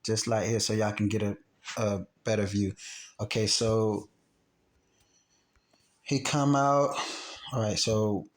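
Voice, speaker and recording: A man's voice: on the low side, slow pace, pauses often. A man casually telling a personal story, acting out quotes and sound effects and often repeating himself. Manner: animated, acts out gunshots and quotes, repeats himself. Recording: roomy echo.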